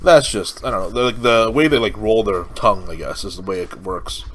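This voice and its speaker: A man's voice: fairly low pitch, brisk, fairly bright tone, low-quality recording. A young man from California giving casual let's-play commentary, rambling with lots of fillers and restarts. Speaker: gaming commentator.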